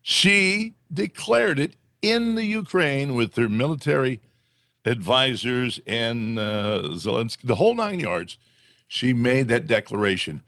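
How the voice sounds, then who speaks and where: Co-host, male, gravelly voice, big pitch swings, dry close sound. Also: a little slow, dry recording. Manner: animated, mocking asides. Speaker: podcast co-host. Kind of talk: casual political chat.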